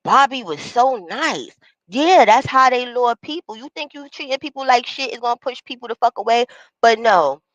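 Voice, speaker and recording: A woman's voice: a little high, fairly quick, dry recording. Blunt, profane woman streamer, dull dry sound. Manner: blunt, profane, animated, greets viewers by name. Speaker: livestream host. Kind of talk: casual livestream commentary. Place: small home recording booth.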